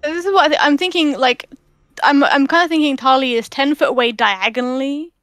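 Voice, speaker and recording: A woman's voice: sits high, fairly quick, fairly bright tone, dry recording. A woman playing a tabletop game, chatty and giggly, thinking aloud about her moves. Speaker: player. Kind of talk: casual tabletop game chat.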